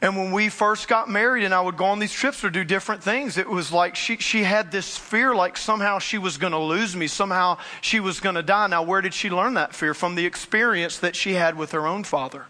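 A man preaching with a high, bright voice. He is middle-aged and tells his story in an animated way, acting out the voices of the people in it. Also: brisk, hardly any pauses. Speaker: pastor. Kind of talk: sermon.

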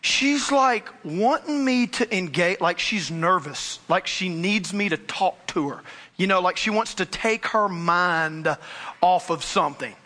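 High bright-voiced male pastor. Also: a little slow. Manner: animated storytelling with acted-out voices. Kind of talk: sermon.

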